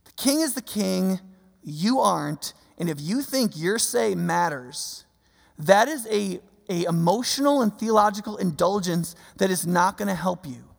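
High, gravelly man preaching. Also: lively intonation, unhurried. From United States. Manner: conversational, rhetorical questions, fillers like "like". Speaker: pastor. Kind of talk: sermon. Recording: long reverb of a large hall.

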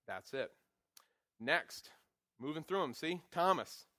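A man teaching a Bible class in a lively, joking way, acting out quotes and poking fun at himself. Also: fairly high pitch, slow, no echo, studio quality. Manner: animated, acts out quotes with voices; jokey, self-deprecating asides.

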